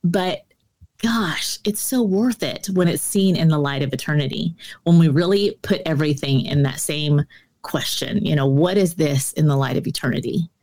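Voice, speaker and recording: With a low, darkish voice at normal speed, a woman author and speaker chats as a guest on an interview podcast. She tells her stories earnestly and in conversation, leaning on many fillers.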